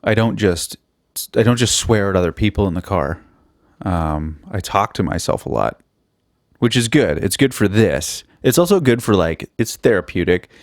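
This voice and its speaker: Solo podcast host, male, lowish voice, dry booth sound; loose, foul-mouthed, self-deprecating comic rambling. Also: lively intonation, normal speed, dry recording. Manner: rambling, profane and self-mocking. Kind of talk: casual comedic monologue.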